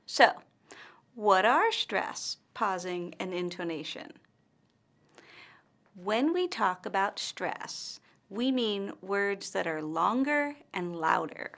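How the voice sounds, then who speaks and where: An American woman narrates a scripted English lesson as the instructor. Her voice sits at an ordinary middle pitch. She speaks slowly and deliberately and articulates each word with care. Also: sing-song, a bit bright. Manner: slow, deliberate, carefully articulated delivery.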